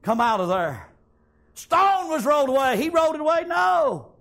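High-pitched preacher shouting amens. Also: male voice, big pitch swings, normal speed, creaky. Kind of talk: fiery revival sermon. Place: church.

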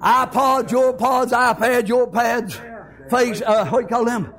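A man preaching a fiery, folksy sermon that builds to shouts. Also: very high-pitched, measured pace.

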